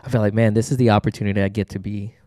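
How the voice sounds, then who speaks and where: A man with a very deep, dark voice speaks in a heartfelt, affirming way. He often agrees with a quick "yeah". The sound is close and dry. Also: little pitch movement, no room sound. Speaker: pastor and podcast host. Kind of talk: casual conversation.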